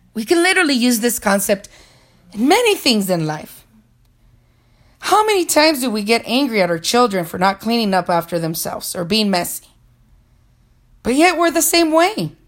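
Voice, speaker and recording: A woman's voice: a little high, very animated, normal speed, long pauses. A woman narrating a personal story in an earnest, reflective way, as a motivational speaker.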